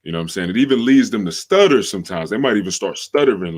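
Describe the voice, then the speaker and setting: Deep-voiced slangy male podcast host. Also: animated. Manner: slangy, drawn-out, repeats phrases for emphasis. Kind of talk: casual livestream podcast talk.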